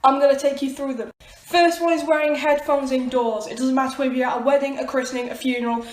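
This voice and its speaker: High-voiced woman listing things in an echoey room. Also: steady tone, fast talker. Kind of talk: quick list-style vlog.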